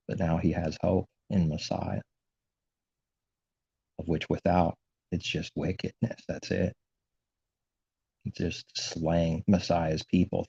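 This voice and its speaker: A low, gravelly man preaches in an indignant, repetitive monologue. His voice is dark and husky, and the recording sounds dull and lo-fi. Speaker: religious commentator. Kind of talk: impassioned religious monologue.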